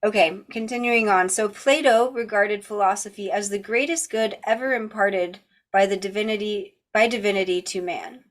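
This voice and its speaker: A woman hosts a book club, reading a philosophy text aloud at an even pace and now and then breaking off for casual, chatty asides. Her voice is medium-pitched, her speed normal, and she hardly pauses.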